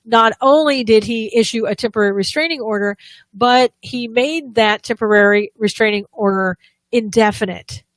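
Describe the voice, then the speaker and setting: A woman's voice: a little high, normal speed, no room sound. A woman co-hosting a live political talk show, giving opinionated commentary with frequent restarts and sarcastic asides.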